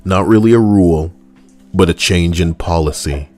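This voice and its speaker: A man's voice: low-pitched, moderate pace, a little mellow. A man streaming and chatting casually, joking and rambling in a goofy way.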